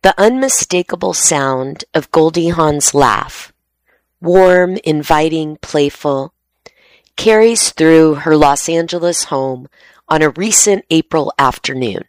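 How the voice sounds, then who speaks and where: A woman with a low voice reads magazine articles aloud for a radio reading service. She takes her time and keeps an even pace. The studio sound is close and dry. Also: no echo. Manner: steady, unhurried reading voice.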